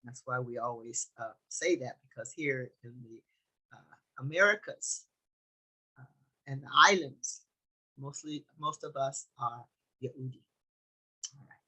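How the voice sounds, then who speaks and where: A woman's voice: rumbling low, measured pace, pauses often, sharp tone, husky, poor audio. A woman leading a Bible study, reading a text aloud and commenting in a loose, conversational way that thinks aloud as she goes.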